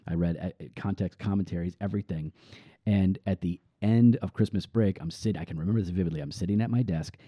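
A man's voice: sits low, fast talker, warm tone, husky, no echo. A man, a pastor, speaking earnestly and reflectively in a podcast interview. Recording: dull lo-fi dry sound.

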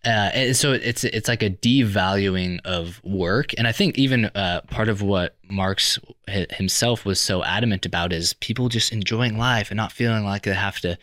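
Deep-voiced thoughtful man, dry sound. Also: a bit bright, no echo. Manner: thoughtful, measured, reasons aloud with restarts. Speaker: podcast co-host. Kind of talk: faith-based podcast discussion.

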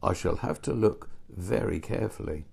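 A man's voice: sits low, animated, normal speed, creaky, husky, full character voice. A man doing a wistful old shoemaker. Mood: wondering. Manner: sighing, soft-spoken. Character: gentle old male shoemaker, wistful and kindly.

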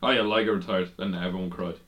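A man's voice: sits low, steady tone, fast talker, fairly bright tone. A man co-hosting a casual wrestling podcast, rambling with many ums and restarts and swearing now and then. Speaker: podcast co-host.

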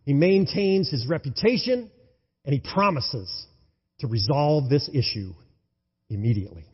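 A male pastor preaching an enthusiastic sermon, swinging between loud exclamations and hushed tones. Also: medium pitch, expressive, measured pace, husky. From United States. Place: church sanctuary. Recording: dull, lo-fi sound in a reverberant hall.

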